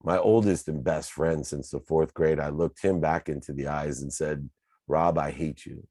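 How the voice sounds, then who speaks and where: A man with an extremely low, mellow voice tells his own story as a motivational talk. He speaks earnestly and with emphasis, stacking his points in repeated lists. The sound is dry and close, with no room around it. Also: steady tone, normal speed, no room sound.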